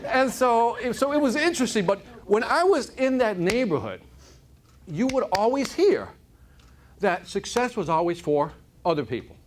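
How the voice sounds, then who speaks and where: A man from Chicago giving an energetic, joking motivational keynote to a live audience, often checking in with "right?". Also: high-pitched, normal speed. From Chicago, United States. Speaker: motivational speaker. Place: conference room with audience.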